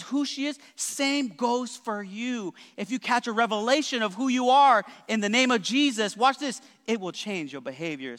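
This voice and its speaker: High bright voiced pastor guy preaching hard, lots of "all right?", church hall echo. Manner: emphatic preaching with frequent "all right?" and call-and-response. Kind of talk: sermon.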